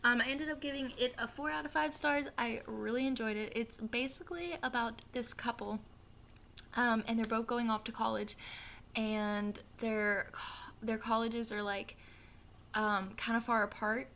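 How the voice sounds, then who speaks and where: Chatting through her reading wrap-up, a young Southern woman who vlogs about books rambles with plenty of likes and ums, dropping the odd swear for emphasis. Her voice is a little high, steady and fairly bright, with vocal fry and a normal speed, and there's a little hiss or hum.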